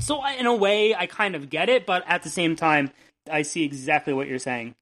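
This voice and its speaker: A man's voice: sits high, a little fast, a bit bright. A young man co-hosting a casual comics news podcast, rambling and joking with a lot of swearing. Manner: rambling, profane, jokey. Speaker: podcast co-host.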